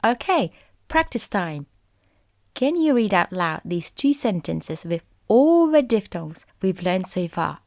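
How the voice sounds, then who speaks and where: Slow, careful woman language teacher. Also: mid-range voice, sing-song, darkish tone, no echo, studio quality. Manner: slow, deliberate modeling of words. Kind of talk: pronunciation lesson.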